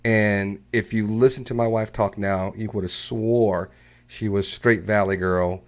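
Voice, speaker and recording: Man, co-host, casual chat, lowish pitch, lively storytelling. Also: measured pace. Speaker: podcast co-host.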